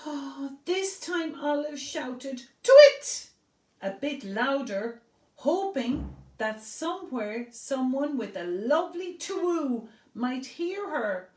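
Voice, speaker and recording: A woman's voice: high-pitched, lively intonation, reverberant, far from the mic. A woman reading a picture book aloud to preschool children, asking them questions and praising their answers. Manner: slow, sing-song, asks children questions and praises them.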